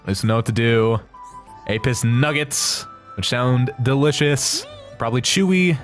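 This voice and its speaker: A man hosting a let's play, giving excitable, jokey game commentary. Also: medium pitch, moderate pace, soft background music.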